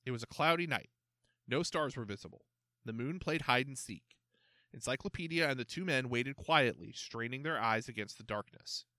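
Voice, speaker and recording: A man narrating a storybook aloud with a lively, swooping delivery. His voice is bright and forward. The sound is dry and close to the mic, with no room echo. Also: medium pitch, normal speed. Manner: expressive, animated reading.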